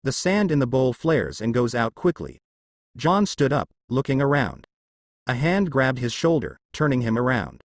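A man reading fanfiction aloud in a steady storytelling way. His pitch moves lively, and the sound is dry and close. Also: moderate pace, dry recording. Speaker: story reader. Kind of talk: fanfiction narration.

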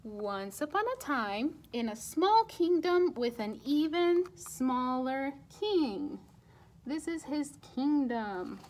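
A children's librarian reading a picture book aloud at storytime, in an expressive, animated way. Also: female voice, sits high, slow pace, slight background noise.

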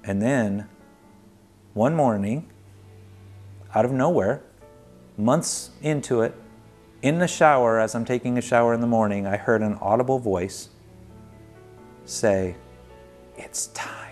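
A man's voice: mid-range voice, moderate pace, long pauses, a little mellow. Earnest male storyteller, mid-range voice, conversational documentary narration over faint music. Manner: earnest, conversational, vivid retelling. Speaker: documentary narrator telling his own story. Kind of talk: personal storytelling.

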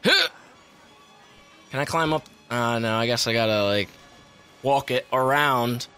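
A young man doing loud, excitable let's play commentary, swearing and laughing often. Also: medium pitch, a little slow, smooth, faint music behind. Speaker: gaming video host.

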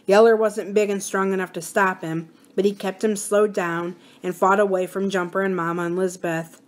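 A woman reads a novel aloud for a library series, with a mid-pitched voice. She reads expressively, slowing down for the sad passages. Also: fairly even intonation. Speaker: library story reader. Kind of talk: storybook read-aloud.

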